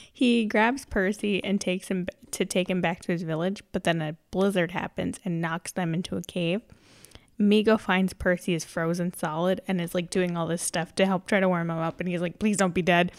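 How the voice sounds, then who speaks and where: A woman's voice: fairly low pitch, moderate pace, a little mellow. A woman casually retelling a movie plot to a friend, laughing often as she goes. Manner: giggly, laughs often while summarizing. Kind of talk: casual movie recap chat.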